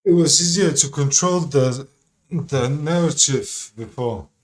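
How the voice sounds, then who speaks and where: Exasperated man, slow and casual. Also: fairly high pitch. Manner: casual, exasperated, swears, slangy. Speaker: video commentator. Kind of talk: casual reaction commentary.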